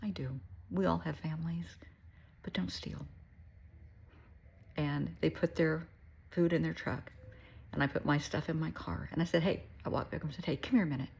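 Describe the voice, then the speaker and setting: A middle-aged woman speaking as a therapist, talking earnestly in a folksy way and often dropping to a soft, breathy near-whisper. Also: low-pitched, steady tone, moderate pace, long pauses. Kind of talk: casual heartfelt monologue.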